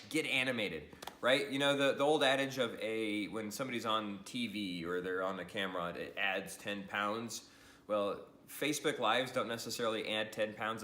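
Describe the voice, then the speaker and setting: Bright, animated man with an upbeat delivery. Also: on the low side, roomy sound. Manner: animated, upbeat, with frequent laughs and "right?" tags. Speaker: social media trainer. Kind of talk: energetic to-camera training talk.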